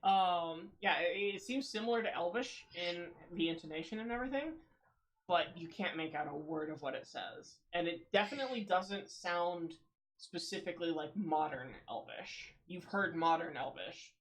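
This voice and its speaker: A woman's voice: lowish voice, expressive, moderate pace. A woman narrating as game master of a tabletop roleplaying game, hesitant with many ums and frequent laughter.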